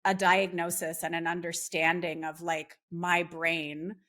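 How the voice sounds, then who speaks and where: A woman's voice: fairly low pitch, little pitch movement, a little slow, a bit bright. A woman speaking as a podcast guest, talking earnestly with frequent fillers and restarts. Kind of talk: casual conversation.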